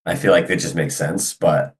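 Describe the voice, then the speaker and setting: A man's voice: low-pitched, fairly even intonation, moderate pace. A man playing in a tabletop game, explaining his character's feelings in a rambling, casual way full of fillers. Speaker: player.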